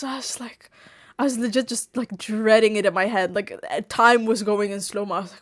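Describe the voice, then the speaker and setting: A woman streamer telling a story to her viewers in a casual chat, animated, laughing often and swearing freely. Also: fairly high pitch, moderate pace. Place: home streaming setup.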